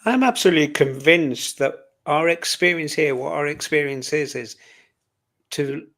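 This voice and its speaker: A man's voice: a little high, normal speed, a bit bright. A man taking part as a guest in a casual live-stream chat, speaking in an earnest, reflective way.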